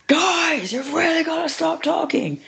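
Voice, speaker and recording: A young man voicing a stern male robot police officer who scolds people in a high, strained voice. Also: expressive, unhurried, vocal fry, bright, forceful tone, a little hiss or hum, exaggerated voice. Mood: scolding. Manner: scolding, bossy.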